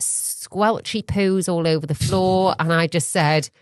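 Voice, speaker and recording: A woman co-hosting a casual chat podcast, telling animated stories and swearing casually. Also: lowish voice, measured pace, no room sound, clean studio sound. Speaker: podcast co-host.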